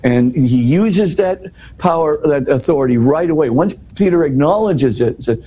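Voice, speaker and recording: A man's voice: on the high side, expressive, normal speed, husky, dull audio. A man explaining a scripture passage in a scholarly but casual way, with frequent restarts and "you know". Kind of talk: conversational explanation.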